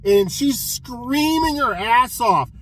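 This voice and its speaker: A man casually reviewing a film he watched, retelling the plot in an excitable, profane way with many restarts. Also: very high voice, slow pace, poor audio. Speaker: physical media collector reviewing films.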